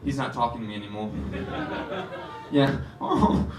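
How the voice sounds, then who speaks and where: A man's voice: mid-range voice, moderate pace, crowd noise, voice pushed down, natural voice. A man voicing a cheeky four-year-old boy doing stand-up with an odd kid voice, in a roomy club with audience laughter from a distant mic. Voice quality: odd kid voice that weirds people out. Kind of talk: stand-up comedy character bit. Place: comedy club stage.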